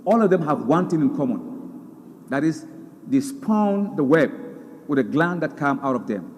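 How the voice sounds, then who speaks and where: A man preaching a sermon, animated, reciting Arabic verses and repeating words for emphasis. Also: fairly high pitch, normal speed, long reverb tail. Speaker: Islamic preacher.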